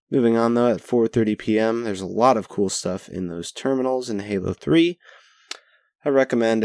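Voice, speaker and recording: A young man hosts a casual spoken-journal podcast in a low, darkish voice, rambling, mocking himself and swearing casually. His headset mic with pop filter gives a clean studio sound with no echo.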